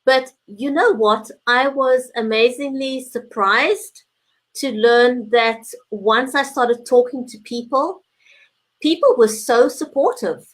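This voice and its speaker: Brief: sincere female co-host, a little high-pitched, sharing her experience. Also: takes it slowly, rough recording. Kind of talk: casual live chat. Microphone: video call.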